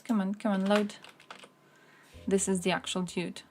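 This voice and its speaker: A woman live-streams from her home setup, chatting casually with her viewers. Her commentary is heated and full of profanity, with quick laughing asides. Her voice sits at an ordinary middle pitch. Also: little pitch movement, a little mellow, slight background noise.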